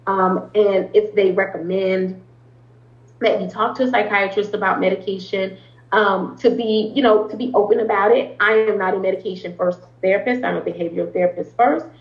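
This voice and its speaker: An earnest woman therapist talks through her ideas in a relaxed interview, often pausing on "um" and restarting her sentences. Her voice sits at an ordinary pitch. The recording sounds roomy and a little dull. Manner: earnest, explains at length with frequent ums and restarts. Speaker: therapist, podcast guest. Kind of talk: conversational interview talk.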